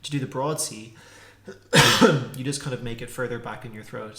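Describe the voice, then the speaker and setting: A man gives a relaxed pronunciation lesson, repeating sounds over and over as he demonstrates them. His voice sits at an average pitch. The room is echoey. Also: a little fast, slight background noise. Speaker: language teacher.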